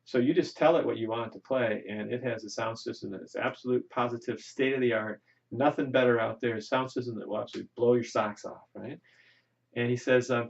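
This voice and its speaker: A male economics lecturer with a gravelly voice talks through a classroom lesson in a chatty, folksy way. He keeps checking in with "right?". The recording is dull and lo-fi. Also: medium pitch, a little fast.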